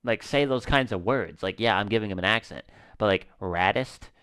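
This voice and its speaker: A man's voice: lowish voice, normal speed, fairly bright tone, clean tone. A man casually thinking aloud and swearing while commentating his own gameplay. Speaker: gaming YouTuber. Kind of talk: let's-play commentary.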